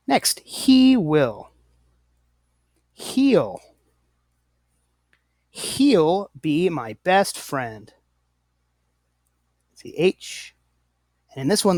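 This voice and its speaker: A man with a fairly high-pitched voice, recorded without echo, walks through a lesson slowly and deliberately. He's patient and apologetic, correcting himself frequently as he explains.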